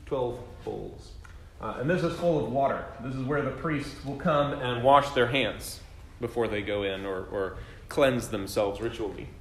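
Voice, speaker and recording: A man's voice: mid-range voice, unhurried, fairly bright tone, a little hiss or hum. A man leading a classroom Bible lesson, chatty and quizzing his students with self-deprecating jokes. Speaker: Bible study teacher. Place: classroom with a group. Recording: echoey room.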